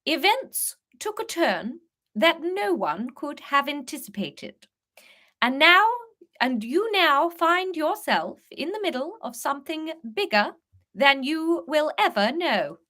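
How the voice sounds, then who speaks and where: A woman voicing a menacing posh English letter-writer who speaks in a slow, haughty, clipped upper-class manner. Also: sits high, big pitch swings, pushed and bright, voice pushed up, heavily acted. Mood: regal menace. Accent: posh English (put on).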